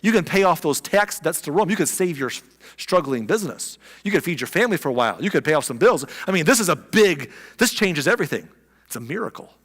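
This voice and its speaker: A man preaches a sermon in a lively, conversational way, leaning hard on his points. His voice sits somewhat high for a man and rings out with the long reverb of a church sanctuary. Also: fast talker. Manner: animated, conversational, emphatic. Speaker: pastor.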